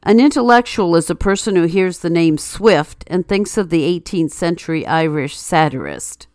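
A woman's voice: on the low side, moderate pace, few pauses, a little mellow, no echo. A woman host reading news items and a string of jokes with a dry, wry delivery. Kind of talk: read-aloud segment with news, quotes and jokes.

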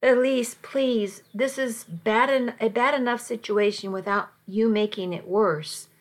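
A woman's voice: fairly high pitch, lightly acted. A woman voicing a middle-aged father who stammers and speaks sternly in a story. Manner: halting, stammering.

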